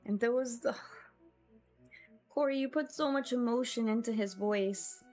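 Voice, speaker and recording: A woman streamer talks casually with her viewers in a reflective, emotional way, often sighing. Her voice sits a little high, and soft music plays faintly behind her. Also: takes it slowly.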